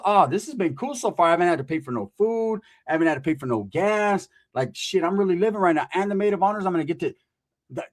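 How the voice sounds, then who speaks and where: A man telling a profane comic story, acting out the people he quotes. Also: a little high. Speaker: storyteller comedian.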